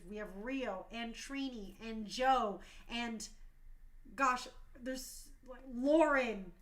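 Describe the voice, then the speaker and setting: High bright-voiced woman, passionate and gushing. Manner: passionate, gushing, tearful at times. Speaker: talk show host. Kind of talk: emotional livestream talk.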